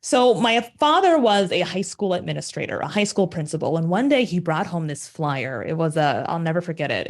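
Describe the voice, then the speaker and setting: A woman in her forties from Minnesota, telling her story as a podcast guest with lively rhetorical questions. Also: lowish voice. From Minnesota, USA. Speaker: podcast guest, agency founder. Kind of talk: casual interview storytelling.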